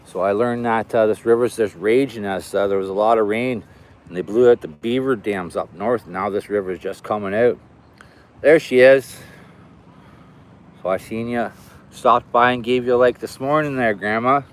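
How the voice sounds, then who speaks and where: A man's voice: lowish voice, normal speed. A man walking by a river, chatting casually to his livestream viewers, thanking them and reading out their comments. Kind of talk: casual live stream chat. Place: outdoors by a river.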